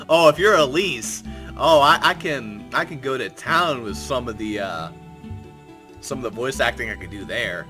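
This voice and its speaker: A man's voice: mid-range voice, expressive, measured pace, long pauses. A man hosting a let's play, reading game text aloud with wry, sarcastic asides. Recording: game music underneath.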